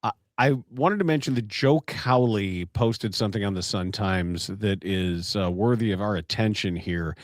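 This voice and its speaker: A man co-hosting a casual sports podcast, reacting quickly and reading out news reports. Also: lowish voice, dry recording, clean studio sound. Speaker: podcast co-host.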